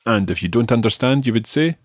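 A man hosting a podcast language lesson, patiently prompting a learner and slowing down for example phrases. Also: medium pitch, animated, no room sound, clean studio sound. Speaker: language teacher and podcast host.

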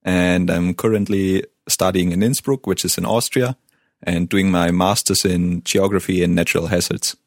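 A young man from Bavaria with a German accent, speaking English and modeling German words plainly and clearly as a co-teacher. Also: low voice, steady tone, moderate pace, no echo, clean studio sound. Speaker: native speaker co-host, master's student. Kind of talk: language teaching dialogue.

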